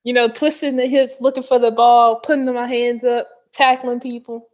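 A woman's voice: fairly high pitch, level tone, moderate pace, darkish tone. A woman co-hosting a podcast, talking sports in a casual, slangy and playful way. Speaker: podcast co-host.

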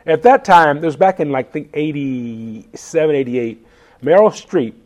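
Chef guest, 50s man, lively storyteller, slightly high voice, laughs often. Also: measured pace. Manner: animated, laughing, acts out quotes. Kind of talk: casual interview storytelling.

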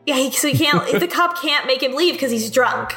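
A woman's voice: sits high, moderate pace, bright, forceful tone, faint music behind. A woman co-hosting a casual podcast chat, recapping a video game with loose laughter and swearing. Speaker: podcast co-host.

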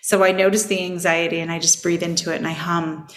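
A woman hosting a self-help podcast, speaking in a gentle, reflective and soothing way. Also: lowish voice, level tone, fast talker, echoey room. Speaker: podcast host and coach. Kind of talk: personal self-help talk.

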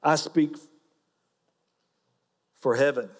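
A man's voice: a little high, fairly even intonation, drawn-out words, big-room sound. A man with an Oklahoma accent preaching a sermon, folksy and joking as he teaches. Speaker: pastor.

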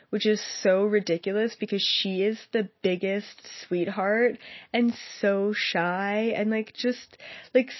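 A woman's voice: mid-range voice, no echo. Young woman psychic talking to her viewers, earnest and kinda rambly, muffled dry sound. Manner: earnest, heartfelt, rambling with fillers. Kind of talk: personal monologue to viewers.

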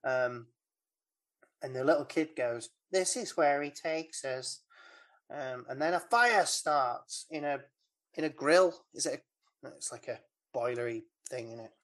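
A woman's voice: a bass voice, lively intonation, measured pace. Chatty, giggly woman recapping. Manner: chatty, rambling, giggly recap with many fillers. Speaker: podcast co-host recapping a film. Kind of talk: casual chat.

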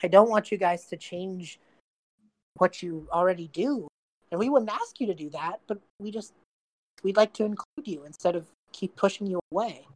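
A woman's voice: medium pitch, normal speed, a little mellow, no room sound, lightly acted, rough recording. A woman playing a young male prince who pleads earnestly and rambles, trying to make peace. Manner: earnest, rambling, eager to please.

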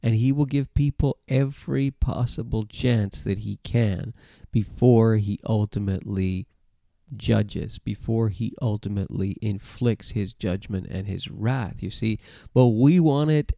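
Male preacher, gravelly and mellow, conversational sermon delivery with restarts, dry close sound. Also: on the low side, fairly even intonation, measured pace, no echo. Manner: conversational, repeats words and restarts. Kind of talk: sermon-style Bible teaching to camera. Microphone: camera mic, close.

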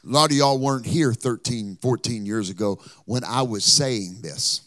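A pastor preaching a fervent sermon in church, swinging from hushed lines into loud, sing-song calls. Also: male voice, medium pitch, normal speed, no echo, clean studio sound. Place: church sanctuary.

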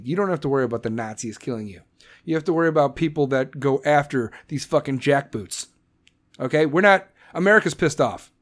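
A podcast host ranting angrily, swearing heavily and firing off questions in a heated rant. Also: male voice, mid-range voice, lively intonation, fairly quick. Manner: angry, profane, heated ranting. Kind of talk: political rant.

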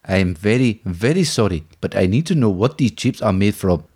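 A man voicing a polite, baffled man who keeps apologizing as he asks about some chips, with a husky voice. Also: lowish voice, lively intonation, a little fast, a little mellow. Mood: puzzled polite. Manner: courteous, more and more apologetic.

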